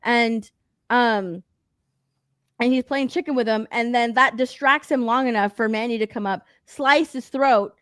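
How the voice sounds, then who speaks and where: A woman co-hosting a casual podcast, recapping a movie in an animated, profane way and acting out the characters' lines. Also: a little high, measured pace, smooth, no echo. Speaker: podcast co-host.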